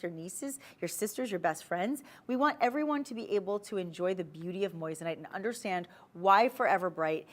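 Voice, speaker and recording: A woman hosting a live TV shopping show, selling jewelry in a chatty, persuasive way and talking straight to viewers. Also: on the low side. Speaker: shopping channel host. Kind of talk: live TV jewelry sales pitch. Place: TV studio.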